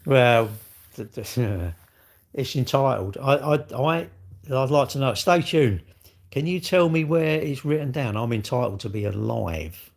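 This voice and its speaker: A man's voice: mid-range voice, lively intonation, a little slow, vocal fry, darkish tone. A middle-aged man, talking alone on his livestream in a blunt, sweary rant full of rhetorical questions. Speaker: livestream host. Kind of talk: casual ranting monologue.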